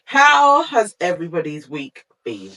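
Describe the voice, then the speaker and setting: A woman co-hosting a podcast in casual chat, lively and quick to laugh. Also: on the low side, far from the mic. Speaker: podcast co-host.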